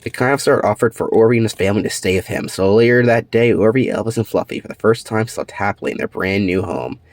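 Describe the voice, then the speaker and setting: A man reading his own children's storybook aloud, animated, with slips and restarts. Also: on the low side, fast, no room sound.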